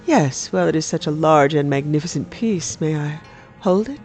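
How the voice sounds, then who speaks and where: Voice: mid-range voice, lively intonation, moderate pace, a little mellow, faint music behind, lightly acted. Coy noblewoman, teasing, lilting upward, as a gamer reads a book aloud, storybook scene. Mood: flirty. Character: flirtatious noblewoman courting a bard.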